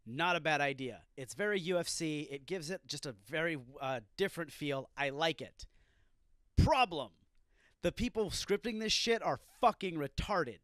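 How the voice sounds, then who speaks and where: A man's voice: on the high side, fairly bright tone, no room sound, studio quality. A man hosting a solo wrestling review podcast, ranting and swearing as he reacts to a show. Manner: profane, ranting, irritated outbursts. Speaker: podcast host.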